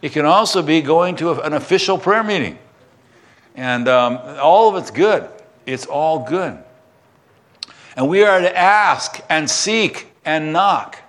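Older man preaching, soft and earnest. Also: fairly high pitch, animated, measured pace. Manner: earnest, drops to a soft hush when praying. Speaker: pastor. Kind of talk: sermon and spoken prayer.

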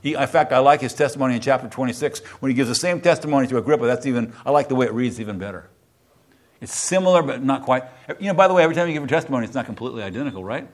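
A middle-aged male pastor preaching a sermon, reading scripture aloud and then retelling it with rising, animated emphasis. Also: rapid-fire. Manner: animated, rising in pitch and volume when retelling a quoted testimony.

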